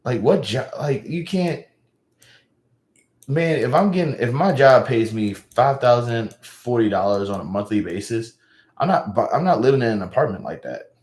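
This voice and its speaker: A young man chatting casually on a livestream, rambling and halting, often trailing off with sighs. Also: fairly low pitch, darkish tone. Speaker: live streamer.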